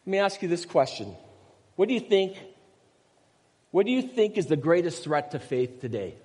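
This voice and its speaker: An older man, a pastor, delivers a conversational sermon in a rather high, very animated voice that is husky and a little mellow, at normal speed. He tells stories packed with personal anecdotes, asides, and rhetorical questions. The church sanctuary gives it the long reverb of a church hall.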